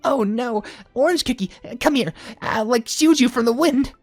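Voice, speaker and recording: A woman's voice: fairly high pitch, moderate pace, dry recording, soft background music, close to an everyday voice. A woman voicing bubbly young female cookie characters in a game cutscene, with a perky, bouncy delivery. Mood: playful.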